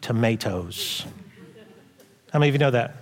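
A man preaching a sermon as pastor, animated, acting out quoted voices loudly and dropping to quiet asides. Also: on the high side, normal speed. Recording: long hall reverb.

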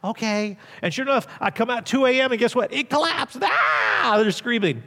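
A middle-aged man preaching a sermon as pastor, telling stories and swinging from loud emphasis to hushed asides. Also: very high-pitched, a little fast, in a large hall.

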